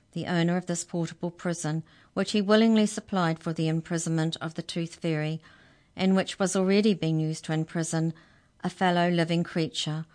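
A woman's voice: lowish voice, darkish tone, natural voice. A woman voicing a precise, formal female prosecutor who speaks carefully and pompously in a children's story.

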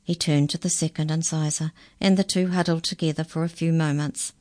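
A woman reading a children's story aloud in a calm, measured storytelling voice. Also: low-pitched, dry recording. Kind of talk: storybook narration.

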